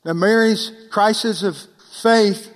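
A man preaching a sermon, talking casually with the congregation, asking them rhetorical questions and dropping to a hush on key points. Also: high voice, slow. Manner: preaching with sudden drops to near-whisper for emphasis; conversational, asks the listeners rhetorical questions. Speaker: pastor. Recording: long hall reverb.

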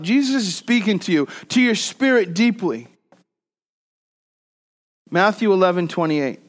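A man with a fairly high voice preaches a conversational sermon, blending scripture with jokey personal anecdotes. His volume swings between loud and soft.

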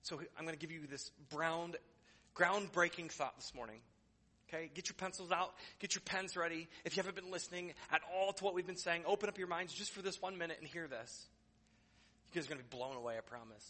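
A man's voice: a little high, fairly quick, sharp tone, big-room sound. A man preaching a sermon as pastor in a church, conversational and joking, building to emphatic declarations. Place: church sanctuary.

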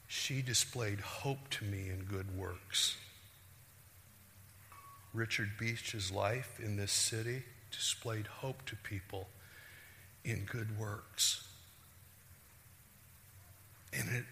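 Animated preacher in a reverberant hall. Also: male voice, on the low side, slight background noise. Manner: animated, acts out quoted voices, shifts between loud and hushed. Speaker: pastor. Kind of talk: sermon.

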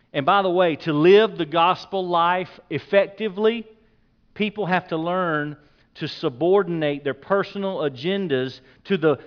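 A man preaching a sermon as pastor, emphatic, repeating key points and dropping his voice low on the words he stresses. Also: muffled recording.

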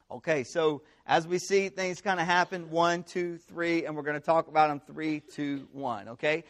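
A young man preaching a conversational sermon to students, with animated storytelling and frequent rhetorical check-ins. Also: a little high, normal speed, hardly any pauses. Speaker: campus pastor.

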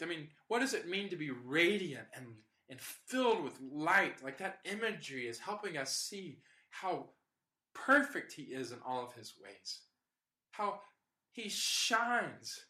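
A man delivering a sermon in an earnest, emphatic way, piling up repeated phrases between casual fillers. His voice is bright and forward, and it rings in an echoey room. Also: a little high. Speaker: pastor.

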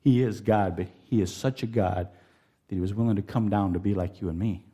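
Man, middle-aged, preacher, folksy, animated, warm mellow tone. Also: fairly low pitch, brisk, husky. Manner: folksy, animated storytelling with laughs and put-on voices. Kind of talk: sermon. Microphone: handheld mic.

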